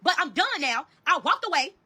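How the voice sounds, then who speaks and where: A woman telling her own story to viewers in a rapid, heated, profane way. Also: sits high, lively intonation, pushed and bright. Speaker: storyteller in a social media clip.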